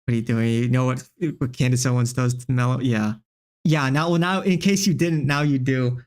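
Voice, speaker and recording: A man's voice: medium pitch, fairly even intonation, normal speed, darkish tone. A man hosting a live stream, reacting to clips with profane, exasperated rants. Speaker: streamer host.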